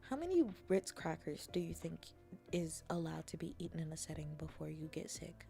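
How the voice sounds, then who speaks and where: A woman streamer chatting casually with her viewers in a soft, half-whispered voice, slipping into playful mock-taunting teases. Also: low voice, expressive, a little fast, vocal fry, soft background music. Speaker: streamer hosting a chat stream. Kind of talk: soft-spoken casual chat.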